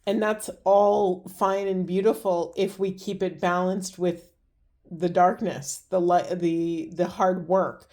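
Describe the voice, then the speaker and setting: Slow, earnest woman giving a spiritual reading. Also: lowish voice, little pitch movement, dark tone. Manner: slow, earnest and emotional, with many pauses and restarts. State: moved, near tears. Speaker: tarot and oracle reader.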